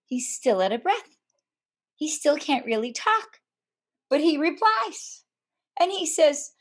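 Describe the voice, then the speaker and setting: Woman, high voice, personal storytelling talk, deliberate pauses. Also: big pitch swings. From Canada. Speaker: speaker telling a personal story. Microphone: camera.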